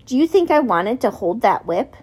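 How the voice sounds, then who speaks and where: A woman's voice: a little high, sing-song, normal speed, a little mellow, breathy edge. A woman reading an audiobook, voicing a stern, harsh grown man who scolds his young prisoner. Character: gruff grown man, stern jailer, harsh but grudging.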